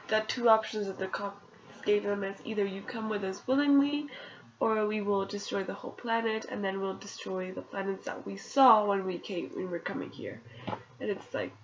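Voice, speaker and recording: A woman's voice: medium pitch, lo-fi sound, slight background noise. Sick woman casually recapping a book. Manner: chatty, rambling, with fillers and little laughs. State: sick with a runny nose. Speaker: book reviewer recapping chapters. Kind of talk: casual spoken book summary.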